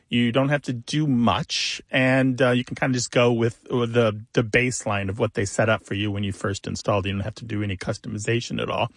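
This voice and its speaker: A man co-hosting a call-in radio show about words, explaining word origins in a relaxed way with fillers. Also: mid-range voice, no room sound, studio quality.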